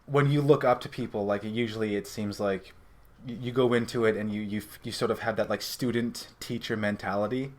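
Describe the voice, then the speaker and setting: A man's voice: lowish voice, steady tone, fairly quick. A man in his thirties co-hosting a podcast, enthusiastic and joking. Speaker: podcast co-host. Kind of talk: casual chat.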